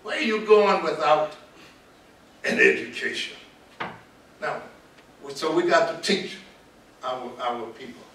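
An older man with a Southern US accent, a pastor speaking to students in a preaching style, repeating key words and slowing down for stress. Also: a little high, expressive, pushed and bright. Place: large auditorium. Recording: echoey hall, distant mic, light noise.

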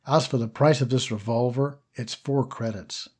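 A man reading the part of a calm, precise old male weapon shopkeeper in an audiobook, low and quiet. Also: normal speed, husky, close to an everyday voice. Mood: courteous.

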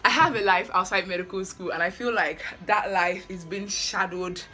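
A woman's voice: mid-range voice, moderate pace, sharp tone. A young woman in her twenties, a medical student, chatting in a hyper, dramatic vlog, repeating herself and out of breath. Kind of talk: excited casual vlog chat.

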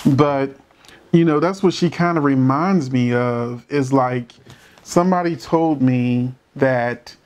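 A man's voice: mid-range voice, takes it slowly. Emphatic man giving blunt opinions. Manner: animated, emphatic, rhetorical questions; holds back from cursing. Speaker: commentator reacting to a court show. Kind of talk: casual opinionated commentary.

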